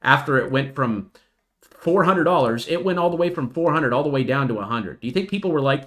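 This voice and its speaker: Animated man hosting a trading stream. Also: mid-range voice, fairly quick. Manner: animated, mocking imitations of retail traders. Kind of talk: live stream market commentary.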